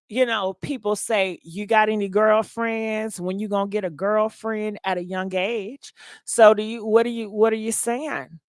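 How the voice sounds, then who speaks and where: A woman's voice: mid-range voice, clear, resonant tone, no echo, clean studio sound. A woman hosting a live call-in show, talking in a blunt, slangy, casual way. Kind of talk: casual live-stream chat.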